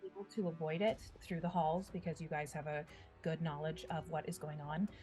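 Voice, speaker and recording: Woman calmly narrating as game master. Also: sits low, a little fast, faint music behind.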